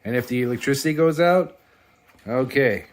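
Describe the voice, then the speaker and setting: On his vlog, a man with a mid-range voice flips through a comic book and reviews it casually at a moderate pace. He's excitable and profane, laughing often as he goes.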